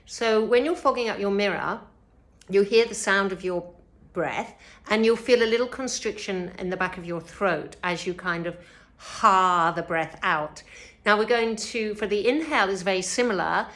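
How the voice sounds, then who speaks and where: A woman teaching a yoga breathing lesson, speaking gently and unhurriedly, with frequent fillers and a slightly sore throat. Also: medium pitch, moderate pace.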